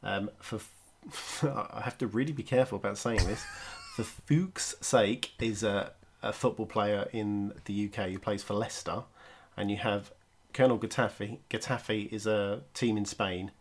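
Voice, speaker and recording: A man from the United Kingdom co-hosting a casual podcast, explaining briskly with light chuckles. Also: fairly low pitch, fairly even intonation, breathy edge. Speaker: podcast co-host.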